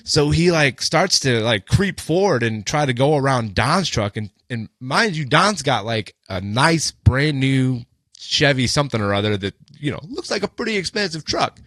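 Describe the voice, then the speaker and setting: Bright-voiced man telling a story. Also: medium pitch, big pitch swings, moderate pace, no echo. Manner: loose and profane, with many fillers like "like" and "you know". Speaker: podcast co-host. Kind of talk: casual storytelling.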